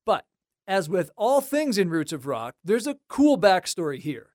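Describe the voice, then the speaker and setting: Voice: medium pitch, big pitch swings, unhurried, darkish tone, no echo. A host narrating music history in a scripted, conversational way with light wry asides, recorded close and dry.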